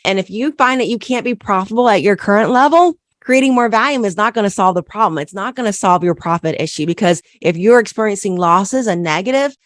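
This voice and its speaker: A woman's voice: mid-range voice, no room sound, studio quality. A woman accountant hosting a solo business podcast, coaching listeners and repeating key questions with frequent "right?" checks.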